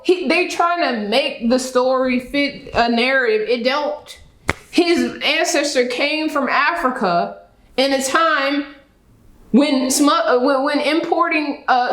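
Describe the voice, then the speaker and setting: A woman with a fairly high voice delivers opinionated reaction commentary in a lecturing, emphatic way, repeating her points and checking in with a pointed "okay?". Her voice bounces around an echoey room, and the recording picks up that roominess. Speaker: YouTube reaction host.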